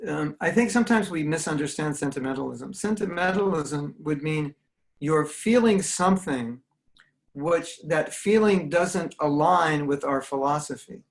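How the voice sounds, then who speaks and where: This American man, a spiritual teacher, speaks unhurriedly with a slightly high voice and some vocal fry. He's leading an online talk with questions over video, earnest and conversational, voicing the people he quotes. The audio is rough.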